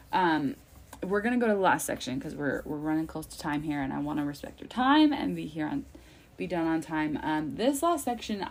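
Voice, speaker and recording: Gravelly-voiced chatty mom coach. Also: female voice, sits low, a little mellow. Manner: chatty and upbeat, laughs often, fillers like "like" and "um". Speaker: self-care coach and workshop host. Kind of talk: casual live workshop talk. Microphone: livestream mic.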